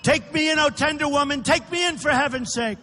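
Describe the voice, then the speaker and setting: A man's voice: very high-pitched, a little fast, sharp tone. A man voicing a sly, half-frozen snake in a recited poem, with a sighing, imploring refrain in a big echoing arena. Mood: pleading.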